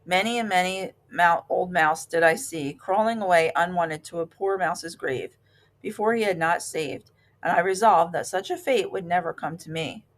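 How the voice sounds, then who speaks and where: Lady reading a whiny stingy mouse, high pitiful theatrical begging, storybook style. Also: moderate pace, natural voice. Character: fussy, dramatic, stingy male mouse. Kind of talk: storybook read-aloud.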